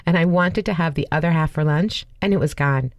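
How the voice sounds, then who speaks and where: Chatty low-voiced female radio co-host. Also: fairly quick, no room sound. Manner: chatty, candid, playfully exasperated. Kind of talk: casual banter on a radio show.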